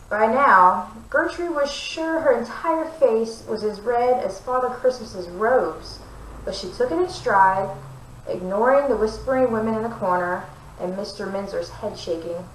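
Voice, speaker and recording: A woman reading a romantic fantasy novel aloud, with clear, expressive narration. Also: medium pitch, moderate pace, echoey room, distant mic, low-quality recording. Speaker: book reader.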